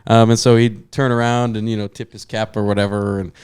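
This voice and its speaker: A man's voice: lowish voice, flat delivery, fairly quick, darkish tone, clean tone, no room sound. A young man telling a long story to his podcast co-hosts, full of fillers and asides. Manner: rambling storyteller with many fillers. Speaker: podcast co-host. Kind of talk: casual chat.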